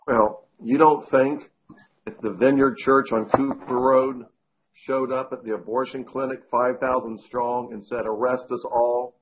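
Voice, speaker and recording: A man guesting on a talk show, animated and argumentative. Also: mid-range voice, unhurried. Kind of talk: casual studio talk. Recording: dull lo-fi sound with faint noise.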